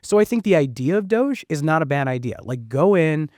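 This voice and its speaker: A man in his thirties, a podcast guest talking fast and animatedly, with plenty of fillers and the odd swear. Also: a little high, expressive, a little mellow, dry recording, studio quality. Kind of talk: casual conversation.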